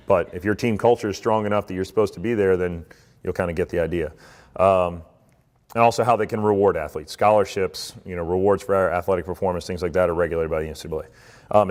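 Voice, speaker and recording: A man, a swim coach, giving a relaxed, conversational talk to athletes and parents, with many fillers. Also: on the low side. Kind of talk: informal presentation. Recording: reverberant hall.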